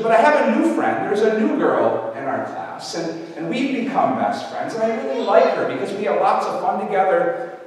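Older priest preaching in an echoey church. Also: male voice, high-pitched. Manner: storytelling, warm anecdotal with restarts. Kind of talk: sermon. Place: large church. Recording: echoey church hall from a distance.

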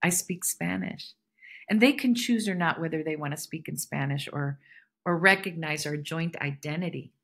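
A woman hosting her own podcast, musing in a relaxed spiritual monologue that circles back and repeats her phrases. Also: deep voice, normal speed. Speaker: podcast host. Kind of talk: casual solo podcast monologue.

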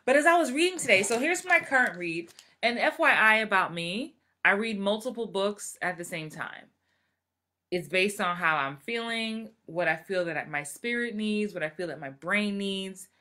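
A woman in her forties, an acting coach, gives a casual live motivational talk in an animated way, acting out the voices she quotes. She has a mid-range voice and speaks at normal speed.

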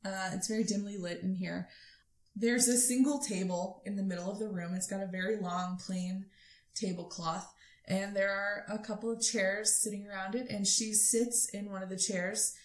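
A woman acting as game master, narrating a tabletop game in a soft-spoken, descriptive way. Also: mid-range voice, steady tone, normal speed, echoey room.

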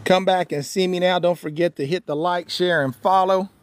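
A man's voice: sits high, steady tone, moderate pace, clear, resonant tone. A man hosting a casual live stream as a cabin salesman, playfully teasing a viewer, laughing often and repeating himself, with folksy sign-offs.

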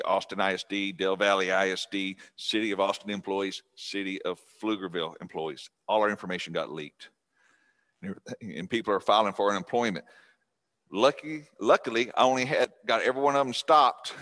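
A middle-aged man with a drawl talks to a seniors' class in a relaxed, folksy way. His voice sits on the low side, and he often restarts and circles back as he goes. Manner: folksy and chatty, with restarts and laughs. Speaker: guest speaker on scam prevention. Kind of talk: casual class talk to seniors.

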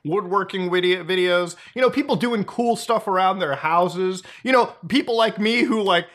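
A man's voice: high voice, moderate pace, few pauses, fairly bright tone. A man hosting a casual commentary, sarcastic and often breaking into laughter. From North America. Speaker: commentary host.

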